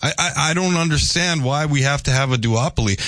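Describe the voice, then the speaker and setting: A man's voice: on the high side, brisk, fairly bright tone, no echo. A man co-hosting a casual political chat, joking and pushing back with pointed questions. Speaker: co-host.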